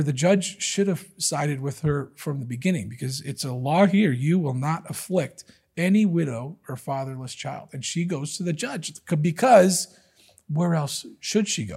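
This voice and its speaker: Conversational male preacher, husky and slightly raised pitch, emphatic. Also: darkish tone. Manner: conversational, emphatic Bible teaching. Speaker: pastor. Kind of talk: sermon.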